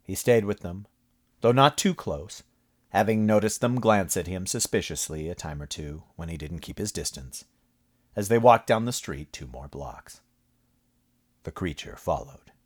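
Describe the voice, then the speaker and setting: Deep, husky male storyteller. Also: measured pace. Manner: expressive, dramatic storytelling. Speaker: audiobook narrator. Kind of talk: scripted horror story narration.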